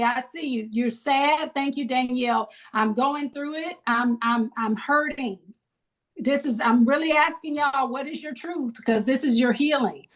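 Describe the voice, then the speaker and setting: A middle-aged woman leading a grief support group on a video call, encouraging people with preacherly call-and-response. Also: high-pitched. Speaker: grief ministry leader.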